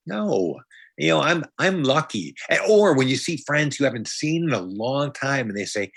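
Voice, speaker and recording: A man's voice: mid-range voice, lively intonation, moderate pace, a bit bright, no echo. A man from upstate New York, a comedian and magician talking as a podcast guest, rambling and joking with frequent restarts. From Brighton, Rochester, New York. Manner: rambling, jokey, with many restarts and playful asides. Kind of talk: casual conversation.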